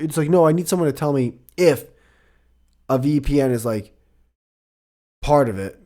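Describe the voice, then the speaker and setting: A man's voice: a little high, moderate pace, pauses often, dark tone. A middle-aged man hosting a solo podcast, rambling casually with a lot of swearing and self-deprecating jokes. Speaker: podcast host.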